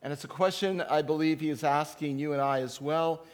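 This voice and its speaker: A man delivers a Sunday sermon from the pulpit, his fairly high voice rising to loud emphatic readings and dropping to quiet asides. He fills pauses with frequent uh sounds. The church hall gives his voice a long reverb. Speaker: pastor. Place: church sanctuary.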